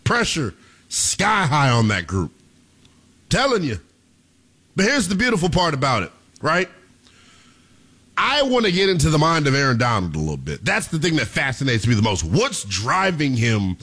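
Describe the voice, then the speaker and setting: A young man hosting sports talk radio, delivering a theatrical monologue that he keeps addressing to the listeners as ladies and gentlemen. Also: fairly high pitch, sing-song, moderate pace, long pauses.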